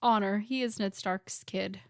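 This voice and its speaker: A woman's voice: medium pitch, fairly even intonation, no echo, studio quality. A woman co-hosting a podcast, casually recapping a book chapter and acting out bits of dialogue with little laughs. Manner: chatty recap with quick acted-out quotes and laughs. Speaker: podcast co-host.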